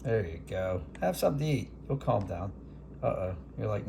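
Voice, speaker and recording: A man watching birds, talking to them softly and teasing them in a casual way. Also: on the low side, big pitch swings, moderate pace, creaky, noisy background. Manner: soft, teasing, talks to birds. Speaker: backyard bird watcher. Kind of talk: casual talk to animals.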